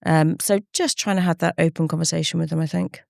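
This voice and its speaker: A middle-aged woman with a slightly low voice talks through hard memories in an interview, earnest and reflective. She often slips into quoted speech as she recalls conversations. The sound is close and dry, with no room around it. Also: steady tone, quick pace, gravelly, darkish tone, no room sound. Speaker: campaigner guest. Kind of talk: candid interview talk.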